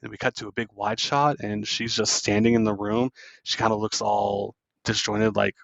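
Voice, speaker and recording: A man's voice: on the low side, steady tone, moderate pace, gravelly, a bit bright, no echo, highs cut off. A man hosting a podcast, loosely retelling a film scene by scene with plenty of fillers. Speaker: podcast host. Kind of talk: casual film recap.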